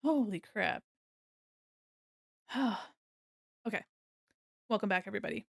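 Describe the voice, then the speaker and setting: A woman's voice: medium pitch, lively intonation, unhurried, gravelly, no room sound, studio quality. A young woman chatting casually to her viewers while drawing on a live stream, giggly and self-deprecating. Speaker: art streamer.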